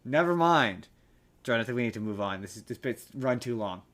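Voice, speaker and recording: A man's voice: mid-range voice, expressive, brisk, fairly bright tone. A man hosting a casual podcast chat, chatty, teasing and rambling. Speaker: podcast host.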